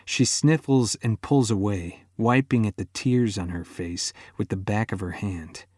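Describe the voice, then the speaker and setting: Slow, intimate male romance narrator. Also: on the low side, darkish tone, dry recording, clean studio sound. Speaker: audiobook narrator. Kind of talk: first-person romance narration.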